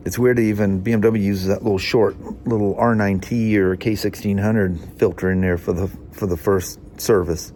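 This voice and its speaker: A man's voice: on the low side, fairly even intonation, moderate pace, hardly any pauses, warm tone, slight background noise. A man with a nasal, hay-fever voice, chatting casually as a motorcycle mechanic in a workshop vlog, rambling with restarts and small chuckles.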